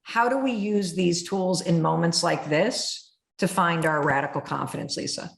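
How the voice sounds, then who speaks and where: Animated woman host in a roomy room. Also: lowish voice, normal speed, creaky. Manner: animated storyteller who acts out inner voices, blunt and swears freely. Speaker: podcast host. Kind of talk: candid conversational interview.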